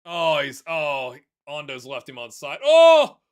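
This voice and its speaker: A man giving casual, excitable commentary on a football management game, chatting to his viewers and calling the players lads. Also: medium pitch, a little slow. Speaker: gaming YouTuber. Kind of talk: casual let's-play commentary.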